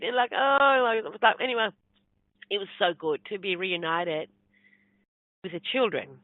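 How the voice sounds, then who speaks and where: A woman's voice: mid-range voice, normal speed, no room sound. A middle-aged woman rambles through a personal story in a loose, chatty way, slipping into the voices of the people she quotes. The sound is thin and phone-like, with a dry, close feel and no room around it. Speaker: guest, spiritual medium. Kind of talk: casual storytelling interview. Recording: tinny phone-like line, dry.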